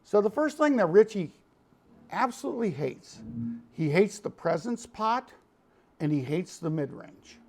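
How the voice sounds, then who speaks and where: A man's voice: sits high, sing-song, a little slow. A middle-aged man with a Chicago accent, a studio producer giving a folksy, hands-on demonstration of guitar tone. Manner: folksy, calls people "Mister". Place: recording studio.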